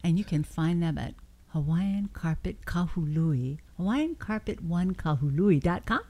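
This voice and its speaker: A woman's voice: on the low side, animated, a little slow, dark tone. A woman co-hosting a community radio show, laughing easily and guessing aloud in casual banter from a small studio. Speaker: radio co-host.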